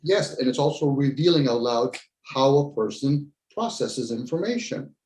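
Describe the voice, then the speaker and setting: A man's voice: medium pitch, lively intonation, normal speed, darkish tone. A man in casual conversation, talking bluntly and ranting, with some swearing. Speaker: podcast host. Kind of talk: casual debrief chat. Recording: echoey room.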